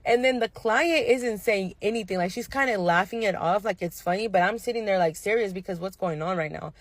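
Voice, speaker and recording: A young woman nail technician casually telling a storytime about a difficult client, animated and slangy. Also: medium pitch, a little fast, no echo. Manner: animated, slangy retelling with quoted dialogue.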